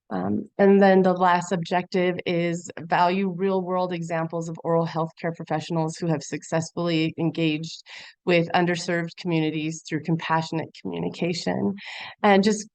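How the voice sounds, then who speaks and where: A woman's voice: lowish voice, a little mellow, no room sound. A woman giving a conversational webinar presentation over a video call, earnest and filler-heavy. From Montana. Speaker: guest presenter.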